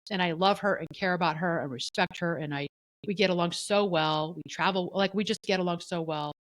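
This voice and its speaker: Middle-aged woman, lowish voice, chatty and candid, tells a story on a podcast. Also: a little fast, no echo, low-quality recording. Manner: candid, animated, often voices the people she quotes. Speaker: podcast co-host.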